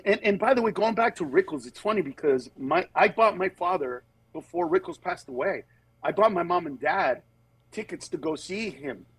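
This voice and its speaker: Man, comedian, husky voice, swooping lively pitch, storytelling chat. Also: normal speed, no echo, poor audio. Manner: animated, jumps into voices of other people mid-story; turns earnest and steady on serious points. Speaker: comedian guest. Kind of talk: candid conversational storytelling.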